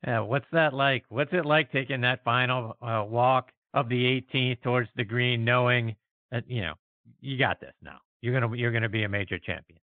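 A man's voice: mid-range voice, normal speed, dry recording. A male host with a mid-range voice asking conversational, leading questions. He sounds dry and tinny, like a phone line. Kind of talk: interview questions.

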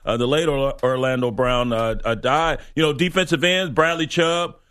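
A man's voice: medium pitch, fairly even intonation, normal speed, a bit bright, clean tone. A man co-hosting a sports radio show, talking casually about football with lots of restarts and fillers. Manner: rambling, many restarts and fillers.

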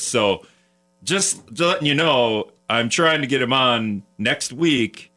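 A man's voice: medium pitch, expressive, takes it slowly, bright, forceful tone. Joking male radio talk host. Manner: joking, rambling with restarts. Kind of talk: casual radio chat. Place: radio studio.

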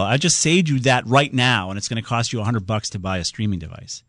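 A man's voice: mid-range voice, quick pace, few pauses, fairly bright tone, no echo, studio quality. A man hosting a call-in tech radio show, giving casual advice and teasing callers with jokes.

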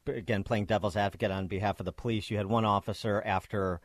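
A man hosting a radio interview, asking long, measured questions with many fillers. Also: lowish voice, steady tone, no room sound, studio quality. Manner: measured, hesitant, many fillers between phrases. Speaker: radio host.

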